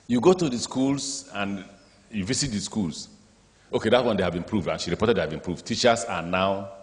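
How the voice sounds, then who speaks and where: A man with a Nigerian accent, a state governor addressing an education summit, telling stories and acting out the dialogue in them. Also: lowish voice. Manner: lively storyteller, acts out dialogue in speech, draws audience laughter. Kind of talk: speech with anecdotes. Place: large conference hall. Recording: reverberant hall.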